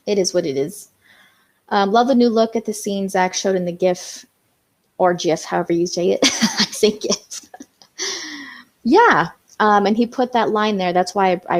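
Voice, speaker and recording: A young woman hosts a casual live stream, talking straight to her viewers and answering their comments one by one. Her voice sits at an ordinary middle pitch, and her speech is loose and chatty, full of fillers and restarts. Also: darkish tone.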